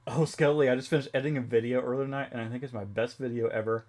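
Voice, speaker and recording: A young man talking loosely on a live stream, his pitch sitting in the middle range for a man. He wanders through his thoughts with lots of "like" and restarts, and laughs easily between them. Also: fairly even intonation, rapid-fire, a little mellow. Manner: rambling, laughing, many fillers and restarts. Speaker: streamer chatting with viewers. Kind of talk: casual chat.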